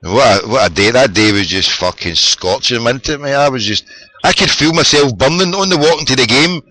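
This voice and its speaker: A Scottish man telling football-trip stories in a sweary, excitable casual chat. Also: mid-range voice, fairly quick, rough recording.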